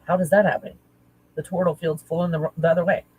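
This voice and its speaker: A woman talking casually as a spiritual teacher, halting and searching, correcting herself often. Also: fairly low pitch, level tone, darkish tone, breathy edge, no echo, poor audio. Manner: halting, searching, self-correcting with nervous laughs. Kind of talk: casual channeling talk.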